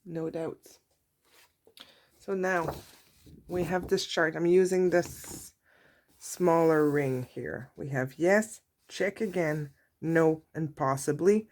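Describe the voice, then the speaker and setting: A woman reads tarot cards for her viewers in an unhurried, gentle way. Her voice sits a little low with a gravelly edge. Card shuffling can be heard in the background. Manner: soft, warm-hearted, reads card messages aloud. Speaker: tarot reader. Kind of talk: slow, intimate tarot reading.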